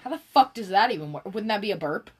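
A woman's voice: mid-range voice, animated, husky. A young woman co-hosting a podcast in casual comedic chat, swearing freely and laughing often. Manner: swears freely, laughs often, puts on quick silly voices. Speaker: podcast co-host.

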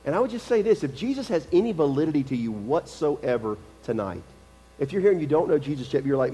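High-voiced preacher in an echoing hall. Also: male voice, big pitch swings, fast, warm tone. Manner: conversational, emphatic, repeats key phrases. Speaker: pastor. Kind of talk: sermon. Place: church sanctuary.

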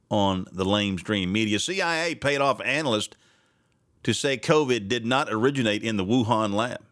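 A man's voice: medium pitch, fairly bright tone, dry recording, clean studio sound. A man hosting a casual political commentary podcast, sarcastic and rambling, laughing often. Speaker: podcast host.

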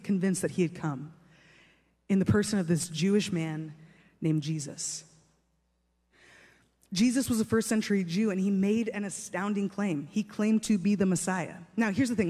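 A man's voice: high-pitched, darkish tone. A man preaching a sermon in a conversational, emphatic way, often repeating his phrases for stress. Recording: long reverb of a large hall.

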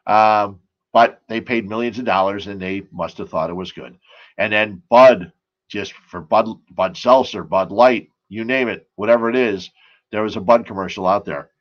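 A man's voice: lowish voice, normal speed, dull audio. A man hosting a casual sports and beer talk show, rambling and chatty, full of asides and stories.

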